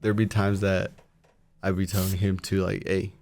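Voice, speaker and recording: A man's voice: moderate pace, vocal fry. A male boxer talking in a casual podcast interview, telling stories and acting out other people's lines. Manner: animated storyteller, acts out quotes in a high voice. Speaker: guest boxer.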